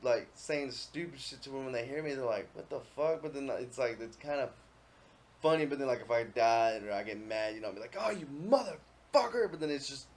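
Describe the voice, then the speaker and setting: A man's voice: mid-range voice, brisk. Profane young man telling gaming stories. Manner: profane, animated storytelling, yells when quoting himself. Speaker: podcast host. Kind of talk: casual chat.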